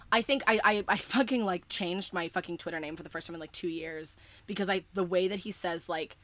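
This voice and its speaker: Young woman, casual chat, excitable and sweary, bright tone. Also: fairly low pitch, normal speed. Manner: excitable, emphatic, swears often, many fillers. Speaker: fan podcaster.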